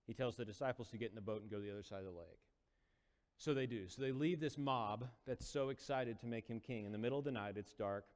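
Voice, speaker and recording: A man's voice: on the low side, darkish tone. A male preacher retelling a Bible story in a casual, storytelling sermon, acting out quotes with rising intensity. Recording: long hall reverb.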